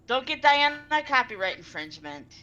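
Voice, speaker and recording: A woman's voice: a little high, sing-song, brisk, muffled recording, over a noisy crowd. A woman in casual chat who teases the others.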